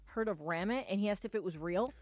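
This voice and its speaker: A woman's voice: medium pitch, fast, no echo. Woman cutting in on talk radio. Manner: blunt interjections. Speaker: radio show co-host. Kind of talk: casual studio banter. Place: radio studio. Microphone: studio microphone.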